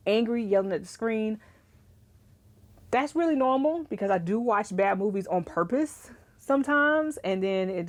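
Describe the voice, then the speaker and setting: A young woman chatting casually to camera about writing, animated and ranting, laughing often. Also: medium pitch. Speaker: writing vlogger.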